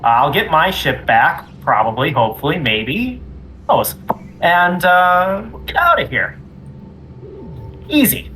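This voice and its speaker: Guy talking in character, laid-back smooth talker, voice swings a lot, bit of hiss. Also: on the high side, sing-song, unhurried, bright, forceful tone, poor audio. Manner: breezy, persuasive, drawling. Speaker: player. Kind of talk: in-character tabletop role-play.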